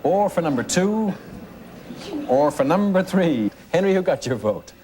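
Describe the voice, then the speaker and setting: A man's voice: a little high, big pitch swings, unhurried, warm tone, a little hiss or hum. A middle-aged man hosting a game show, breezy and jovial, joking with the panel.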